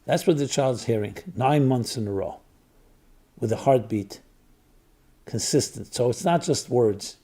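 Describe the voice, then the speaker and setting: A man who is a rabbi, telling a story in an earnest reflective talk, repeating phrases in threes for emphasis and dropping soft on tender phrases. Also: medium pitch, unhurried, pauses often, husky. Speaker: rabbi and spiritual teacher.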